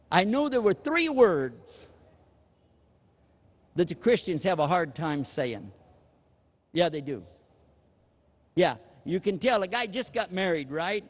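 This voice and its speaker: A man preaching a sermon in an animated, humorous way, acting out little scenes of dialogue. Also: sits high. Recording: echoey hall reverb.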